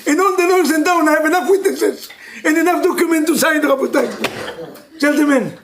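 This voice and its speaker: High, gravelly-voiced rabbi teaching couples. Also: male voice, normal speed, a little hiss or hum. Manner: animated and joking, swings between loud bursts and quiet intensity; scattered Hebrew terms, non-native English grammar. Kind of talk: lively religious class for couples.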